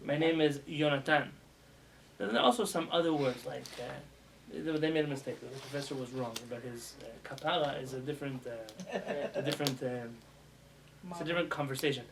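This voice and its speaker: A man, a rabbi, giving a casual spoken lesson to students, animated and asking them questions as he goes. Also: medium pitch, a little fast, creaky, background noise. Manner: animated, demonstrates pronunciations with raised voice; asks students questions as he teaches. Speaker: rabbi teaching a class. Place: classroom with students.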